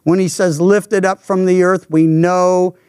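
An older man preaching a sermon in an emphatic, deliberate way, a pastor teaching from Scripture. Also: high-pitched, level tone, a little mellow, clear, resonant tone, no room sound, studio quality.

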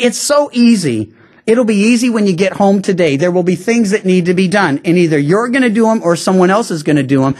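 A pastor delivering a sermon in a middle-pitched voice, talking to the congregation like a conversation rather than a speech. The delivery is full of small restarts and repeated words. On the key lines the pace drops to a slow, deliberate emphasis. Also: a little mellow. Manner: conversational preaching, slowing down on key phrases; frequent restarts and stammered repeats.

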